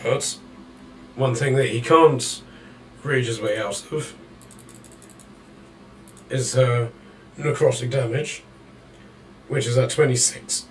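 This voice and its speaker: A man running a tabletop game as dungeon master, calling out the action in a measured play-by-play. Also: medium pitch, steady tone, far from the mic, a little hiss or hum, low-quality recording.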